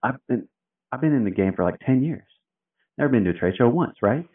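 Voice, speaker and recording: A man's voice: medium pitch, lively intonation, fairly quick. A man telling his story as an interview guest in a loose, chatty way, full of fillers, acting out what people said. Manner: loose and chatty, filler-heavy, acts out quotes. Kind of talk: casual storytelling. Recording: tinny phone-like sound, distant from the mic.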